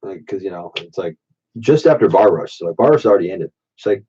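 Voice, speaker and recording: A man's voice: deep voice, expressive, quick pace, mellow, husky. A man in his late thirties with a stuffy nose from allergies, telling rambling, profane stories on a late-night live stream while drinking. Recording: dull, muffled default mic.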